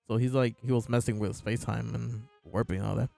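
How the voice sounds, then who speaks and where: A man's voice: mid-range voice, fairly even intonation, quick pace, gravelly, mellow, no room sound, soft background music. A man casually chatting as a show host, amused and laughing often as he talks. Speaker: podcast host reviewing manga. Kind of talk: casual chat.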